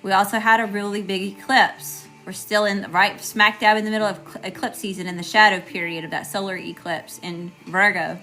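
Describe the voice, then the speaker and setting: A woman's voice: mid-range voice, little pitch movement, fairly quick, hardly any pauses, sharp tone, soft background music. A woman giving a live tarot reading, chatty and informal, greeting viewers and often checking in with "okay?". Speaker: tarot reader.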